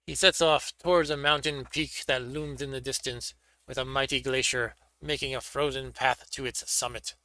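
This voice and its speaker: A man's voice: medium pitch, steady tone, normal speed, sharp tone, no room sound. A man hosting a stream, reading a gamebook aloud and joking casually between passages. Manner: offhand, joking. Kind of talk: casual chat and read-aloud narration.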